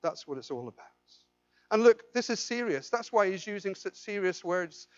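A man's voice: high voice, expressive, moderate pace, no room sound, highs cut off. A man preaching a sermon as pastor, pleading with the congregation and asking them questions, with repeated and restarted phrases. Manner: impassioned, swings from loud pleading to quiet intensity.

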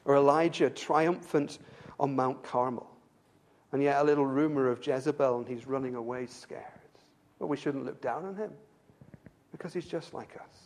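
A man's voice: medium pitch, moderate pace, darkish tone. A man preaching an earnest sermon, often repeating words as he restarts and asking rhetorical questions. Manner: earnest, with frequent stumbling word repeats and rhetorical "don't we?".

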